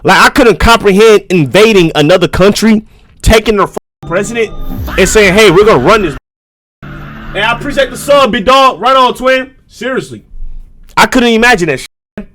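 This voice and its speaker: A man's voice: sits high, animated, moderate pace, fairly bright tone. A man streamer reacting live to videos, talking in a loose, slangy and profane way with frequent asides to his viewers.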